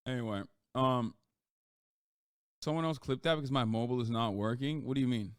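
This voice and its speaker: A male streamer talks in loose, profanity-laced chat that climbs sharply in pitch whenever he gets heated. His voice is smooth and resonant, and the recording is close and dry with no room sound. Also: brisk, no room sound. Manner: profane, rambling, with sudden loud jumps in pitch. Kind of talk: casual live-stream chat.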